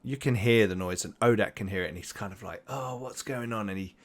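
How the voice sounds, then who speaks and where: A man's voice: sits low, fast talker, no echo. Man narrating a tabletop game. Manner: rambling, animated narration with sound effects. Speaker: game master.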